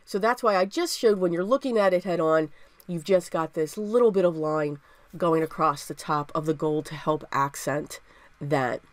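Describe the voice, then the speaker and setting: An upbeat woman talks through a crafting tutorial in a chatty way, circling back to repeat her points. Her voice sits a little low for a woman. The sound is dry, with no room echo. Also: moderate pace. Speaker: papercraft video host.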